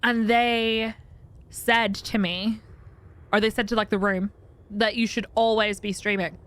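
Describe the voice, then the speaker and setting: A woman's voice: mid-range voice, little pitch movement, unhurried, fairly bright tone. A woman streaming a game live, chatting casually and animatedly, often laughing and swearing.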